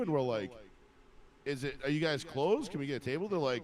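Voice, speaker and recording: A man's voice: a little high, expressive, a little fast. Rambling, profane man telling a story. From Boston area. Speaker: podcast host. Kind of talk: casual storytelling chat.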